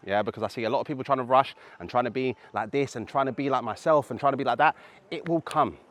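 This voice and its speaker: An encouraging man hosts a casual skating tutorial at a middle pitch. He keeps checking in with the listener and taps out rhythms with his voice as he demonstrates. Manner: encouraging, checks in with 'yeah?' and 'okay?'; vocalizes rhythms with 'da-dum' sounds while demonstrating. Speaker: roller skating instructor and channel host. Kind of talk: casual tutorial talk to camera.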